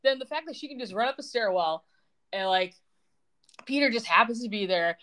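A woman's voice: on the high side, expressive, a little fast, a bit bright. A young woman co-hosting a podcast, chatting casually and retelling scenes in a sarcastic, quoting way. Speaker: podcast co-host. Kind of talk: casual recap chat.

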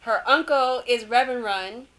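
A woman co-hosting a casual entertainment chat, inquisitive and opinionated. Her voice is bright and a little high. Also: moderate pace. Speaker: co-host.

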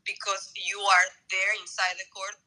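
A woman's voice: mid-range voice, moderate pace. A woman from Bolivia, a former tennis player, telling her story as a guest in a casual interview and acting out the things she said. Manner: animated storytelling, acting out quotes. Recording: tinny phone line.

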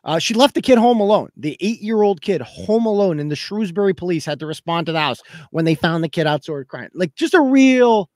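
A man's voice: high voice, lively intonation, brisk, few pauses, dry recording. A man hosting a podcast, telling a story in a heated, profane rant and acting out other people's lines as he goes. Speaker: podcast host.

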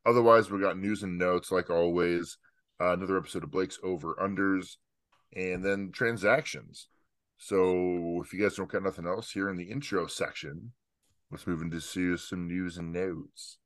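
Rambling low-voiced podcast host. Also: male voice, steady tone, normal speed, no room sound, clean studio sound. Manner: joking, rambling, teasing co-hosts. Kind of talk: casual podcast chat.

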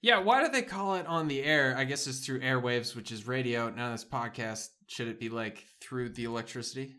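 A man's voice: mid-range voice, normal speed, sharp tone. A man co-hosting a podcast, joking in a laid-back, musing way. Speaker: podcast co-host. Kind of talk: casual podcast chat.

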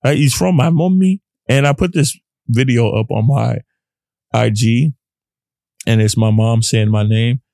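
Gravelly young man rambling on a podcast. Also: medium pitch, measured pace, dark tone, no room sound, clean studio sound. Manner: rambling, earnest, often acts out his own inner voice. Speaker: podcast host. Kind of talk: casual solo podcast talk.

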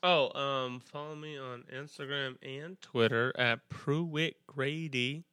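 A man's voice: mid-range voice, steady tone, slow pace, bright, forceful tone, smooth, dry recording, clean studio sound. A man guesting on a comedy podcast, telling a rambling story and swearing freely. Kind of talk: casual storytelling.

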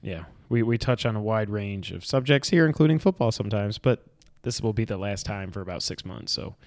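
A man's voice: on the low side, animated, fairly quick, dry recording, clean studio sound. A man co-hosting a podcast, chatting casually and joking with his brother. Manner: upbeat, joking banter. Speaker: podcast co-host. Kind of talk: casual chat.

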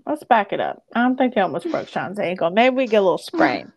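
Animated young woman recapping a show. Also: mid-range voice, fast talker, vocal fry. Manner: animated recapping, acting out characters' lines with lots of "like". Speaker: podcast co-host recapping episodes. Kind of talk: casual chat.

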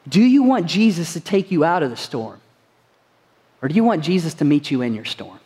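Pastor, male, high tenor, earnest sermon delivery, echoing church hall. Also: expressive, fairly quick, mellow, husky. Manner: earnest, rhetorical questions to the congregation. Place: church sanctuary.

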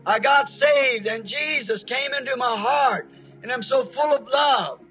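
A man's voice: very high voice, a little slow, sharp tone, muffled recording, heavily acted. A man putting on a joyful little German butcher.

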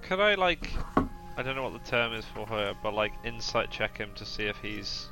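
A man playing a tabletop game, joking and asking quick questions. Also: lowish voice, lively intonation, loud music behind the voice, low-quality recording. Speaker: player. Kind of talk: casual game chat.

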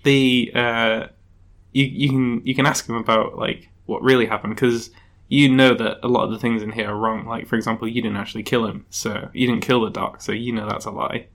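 A man narrating as game master of a tabletop game, halting often and giggling as he goes. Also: mid-range voice, flat delivery, a bit bright. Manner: giggly, halting, with many ums.

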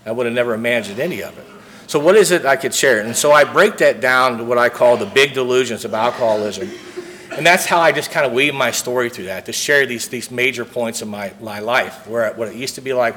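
A man's voice: mid-range voice, brisk, a bit bright, slight background noise. A man speaking from a podium at a recovery convention, telling his story earnestly and acting out the dialogue. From St. Louis, Missouri.

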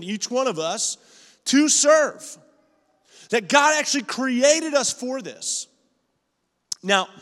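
Man pastor, high voice, emphatic sermon, shouts at peaks, church hall echo. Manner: emphatic, storytelling, rises to shouts. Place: church auditorium.

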